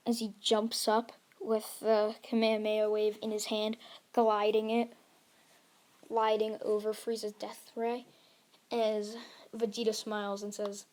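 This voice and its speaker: A woman's voice: medium pitch, monotone, unhurried, darkish tone. A woman narrating an improvised fan-fiction story, rambling along with frequent restarts. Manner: rambling, with many restarts and fillers.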